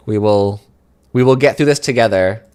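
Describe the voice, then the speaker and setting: A man from New England giving casual, rambling gaming commentary on a call, repeating words and getting excited over the plays. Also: fairly low pitch, normal speed, clear, resonant tone.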